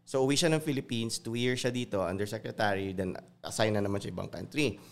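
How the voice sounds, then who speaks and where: A fairly low-voiced man, here as a guest, rattles through lively, casual anecdotes at a quick clip. He's from Virginia, USA, and mixes English and Tagalog freely as he talks.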